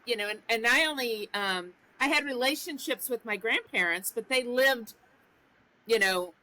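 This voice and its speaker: A woman's voice: on the high side, moderate pace, bright, forceful tone, rough recording. A woman in her sixties hosting a podcast interview, talking in a reflective way and thinking aloud as she goes. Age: 60s. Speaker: podcast host. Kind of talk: conversational interview.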